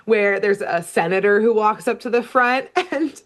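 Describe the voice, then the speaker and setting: A woman co-hosting a casual podcast, telling the plot of an episode with lively, playful energy. She slips into quick voices for the characters while she recaps. Her voice sits in a middle pitch. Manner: animated storyteller, acts out character lines. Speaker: podcast co-host recapping a cartoon.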